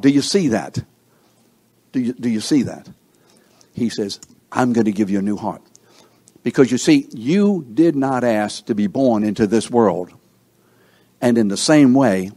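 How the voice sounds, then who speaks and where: A man preaching a sermon, asking the congregation questions and swinging between emphatic and hushed delivery. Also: medium pitch. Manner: call-and-response questions to the congregation.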